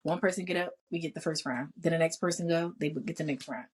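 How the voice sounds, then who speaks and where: Laughing, lower-voiced woman co-hosting a podcast. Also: fast, husky. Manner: laughs often, swears freely, animated storytelling. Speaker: podcast co-host. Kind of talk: casual chat.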